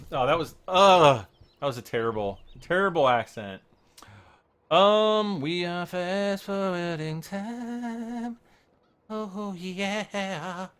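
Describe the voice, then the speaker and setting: This male streamer's voice is high-pitched, smooth and fairly bright, moving at a slow pace. Commentating casually on a farming game during a livestream, he giggles, rambles, loses his thread and bursts out laughing easily.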